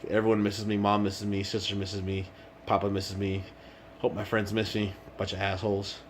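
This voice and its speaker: A man's voice: lowish voice, monotone, moderate pace, a little hiss or hum. A man chatting casually in a vlog, rambling and swearing freely, indoors at night while away on a work trip. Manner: rambling and profane. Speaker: vlogger.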